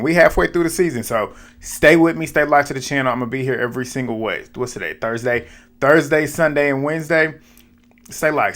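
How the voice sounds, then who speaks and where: A young man giving a casual, animated recap of a reality show, speaking bluntly and with lots of slang, directly to his viewers. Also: mid-range voice. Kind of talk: casual episode recap and commentary.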